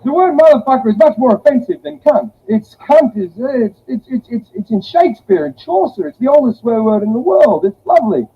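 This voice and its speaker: A man's voice: very high-pitched, animated, a little fast, few pauses, breathy edge. A man performing a blunt, profane stand-up comedy set. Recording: tinny phone-like audio with faint hiss.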